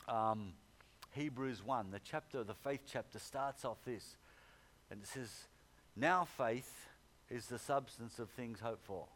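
Man, preacher, sermon, earnest, fervent exhortation, repeats key phrases. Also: mid-range voice.

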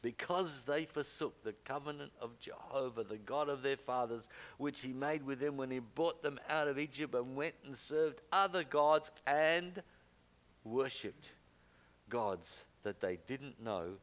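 An older man preaching a sermon, emphatic, with loud exclamations and low quiet asides. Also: unhurried.

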